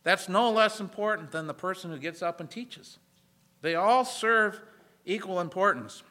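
A man's voice: sits high, moderate pace, pushed and bright. A man preaching a sermon in an earnest, emphatic way, stressing key phrases. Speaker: pastor.

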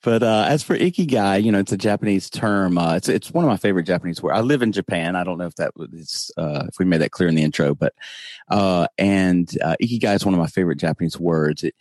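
A man with a Southern US accent, a podcast guest who talks slowly and meanders with many restarts. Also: low voice, darkish tone, dry recording, studio quality. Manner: slow, meandering, halting restarts. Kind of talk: casual interview chat.

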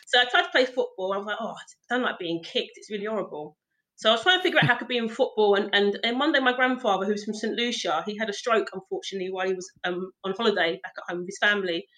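A woman's voice: medium pitch, rapid-fire, few pauses, sharp tone. A young woman, a physiotherapist guest chatting casually on a podcast, laughing often and poking fun at herself. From South London, England.

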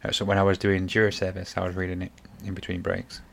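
A man's voice: deep voice, monotone, quick pace, vocal fry, slight background noise. A middle-aged father, hosting a casual family podcast and telling stories in a rambling, self-correcting way.

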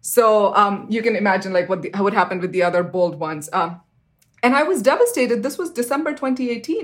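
A woman in her thirties, an interview guest, telling a personal story earnestly, with fillers like "you know" and sudden jumps up in pitch when she acts out what people said. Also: fast talker. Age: 30s.

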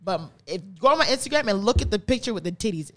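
Profane, excitable young woman host. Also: mid-range voice, quick pace. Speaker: podcast host. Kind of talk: casual chat.

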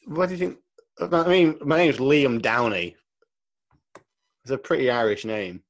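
A man's voice: mid-range voice, expressive, a little slow. A man co-hosting a podcast, chatting casually and telling jokey stories, swearing freely and laughing often. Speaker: podcast co-host. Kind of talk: casual banter.

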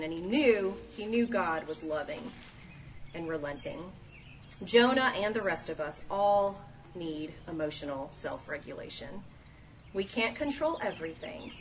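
A woman in her thirties giving a sermon, lively and acting out the voices she quotes. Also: fairly low pitch. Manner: animated, acts out quoted voices. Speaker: speaker at a church talk. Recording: distant mic, faint room noise.

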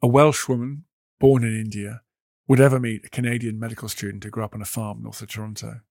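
A man hosting a podcast, telling history in a measured, emphatic storytelling manner. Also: fairly low pitch, level tone, vocal fry, a little mellow, no echo, studio quality. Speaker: podcast host. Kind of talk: scripted history narration.

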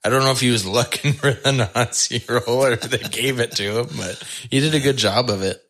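A man hosting a podcast, who tells stories in an animated way and laughs often. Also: mid-range voice, a little fast. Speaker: podcast host. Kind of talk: casual interview chat.

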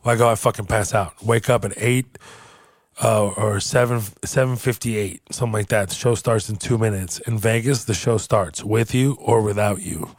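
A man with a lowish voice spins a swear-laden anecdote in casual podcast chat, jumping into put-on voices for the people he quotes. The sound is dry and close, with no room around it. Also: moderate pace, no room sound. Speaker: podcast host and comedian.

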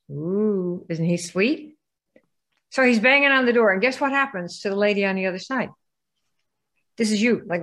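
A woman running a business training session, speaking in a voice of ordinary pitch for a woman. She peppers the room with questions and demands yes-or-no answers. Her tone stays direct and persuasive. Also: fairly bright tone. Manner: rhetorical, quizzes the audience. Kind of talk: live training presentation.

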